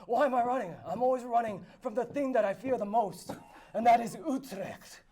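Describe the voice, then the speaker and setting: A man doing a boastful high-voiced noble. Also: a little fast, mellow, a little hiss or hum. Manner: grandiose, theatrical storytelling. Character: boastful male noble spinning absurd tall tales. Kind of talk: improvised tall-tale role-play. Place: live convention panel room.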